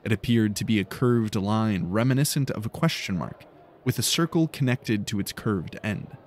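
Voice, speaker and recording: A man reading a fantasy audiobook in calm, measured narration. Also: on the low side, a little hiss or hum.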